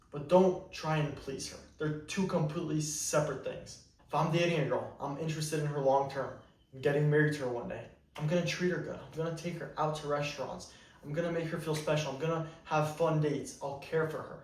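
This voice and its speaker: A man giving dating advice as a coach in a blunt, emphatic monologue. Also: fairly high pitch. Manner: blunt, emphatic, repeats "you better". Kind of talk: direct-to-camera advice monologue. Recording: roomy echo, mic at a distance.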